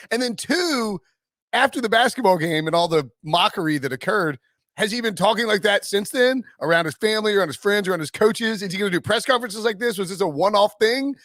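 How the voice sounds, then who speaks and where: Male podcast host, high and bright, dry close sound, rambling chatty questions. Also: expressive, no room sound. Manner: rambling, quick questions, laughs often. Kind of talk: casual sports chat.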